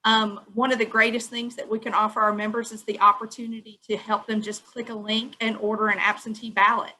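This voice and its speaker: A woman's voice: a little high, little pitch movement, brisk, sharp tone, slight background noise, rough recording. A woman on a webinar earnestly explaining her view at length. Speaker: webinar participant. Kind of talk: giving an opinion in a video call.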